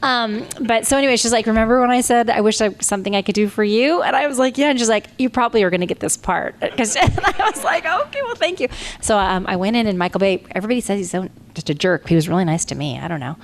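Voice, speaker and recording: A woman's voice: fairly high pitch, lively intonation, quick pace, slight background noise. A middle-aged woman, a voice actress, telling chatty stories on a convention panel and acting out quotes with big jumps in her voice.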